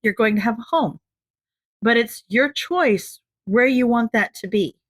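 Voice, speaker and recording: A woman reading the part of a kind adult male teacher who soothes a frightened kid in a soft, reassuring way. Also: fairly high pitch, measured pace, dry recording. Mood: soothing.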